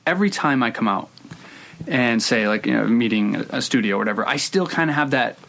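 A man's voice: medium pitch, expressive, fast, creaky, fairly bright tone. Rambling man, screenwriter guest. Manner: rambling, many restarts and hedges. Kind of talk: casual interview talk.

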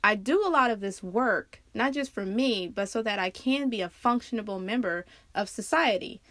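A woman hosting her own podcast, talking casually and candidly, laughing often and swearing freely as she tells stories with big jumps in pitch. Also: animated, normal speed, fairly bright tone, no room sound. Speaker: podcast host. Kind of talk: casual personal monologue.

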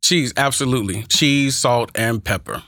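A man's voice: medium pitch, moderate pace, bright, forceful tone, no room sound. Texas-accented man, dry close voice. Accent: Texas country. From Oakland, California, and Texas. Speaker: guest; public speaking teacher. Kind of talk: casual interview chat.

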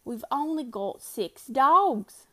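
A woman's voice: high-pitched, slow pace, pitched above the performer's own voice. A woman voicing a weary, level-headed frontier man who talks in a rustic dialect. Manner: rustic dialect, flat and reasoning.

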